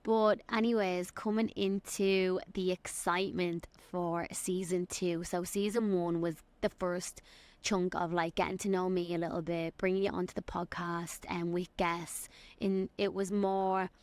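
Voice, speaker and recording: A young woman from Dublin with an Irish accent, hosting a solo podcast and giving an excited, rambling life update. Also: fairly low pitch, moderate pace, no room sound. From Ireland. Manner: excited, rambling, quotes people in little acted voices. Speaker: podcast host and fitness coach.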